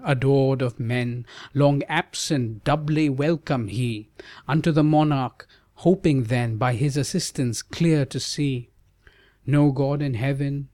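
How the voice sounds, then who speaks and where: A man narrating a verse ballad audiobook in a measured, rhythmic reading. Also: medium pitch, a little mellow, no room sound.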